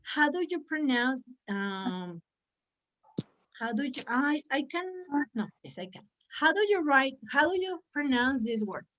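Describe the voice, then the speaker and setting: A woman's voice: high voice, sing-song, unhurried, a bit bright. A woman whose first language is Spanish, teaching English pronunciation in an online class and exaggerating sounds to demonstrate them.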